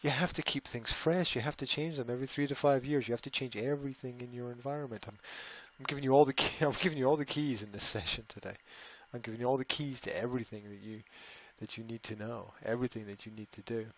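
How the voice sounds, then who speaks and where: A man's voice: mid-range voice, fast, few pauses, lo-fi sound. A man hosting a casual live stream, rambling, often repeating words and reading out viewer comments. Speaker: language school host answering live chat.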